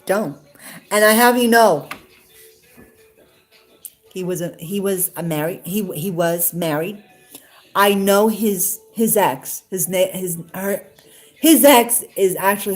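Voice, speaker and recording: A woman's voice: on the low side, a little slow, faint music behind. Emotional rambling New woman. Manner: emotional, rambling, many restarts and fillers. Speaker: livestream host. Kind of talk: casual storytelling to live viewers.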